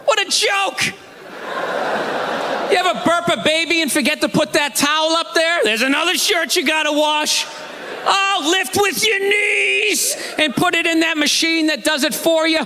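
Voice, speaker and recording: A man doing a stand-up routine, ranting with mock outrage and bursts of shouting. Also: very high-pitched, moderate pace, background noise. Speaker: stand-up comedian. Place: theater stage before a live audience. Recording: live hall with crowd laughter.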